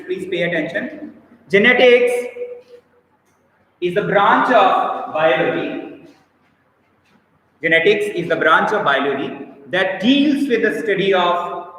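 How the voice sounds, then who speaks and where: A man's voice: sits high, a bit bright, very echoey, long reverb tail, poor audio. A man with an Indian English accent teaching a biology class online, explaining patiently and calling on students by name. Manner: instructive, repeats points, calls on students by name. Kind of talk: live online class lecture.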